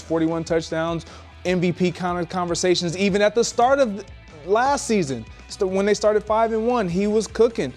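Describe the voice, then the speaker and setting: A man's voice: on the high side, darkish tone. A man co-hosting a sports talk show, arguing his opinions emphatically.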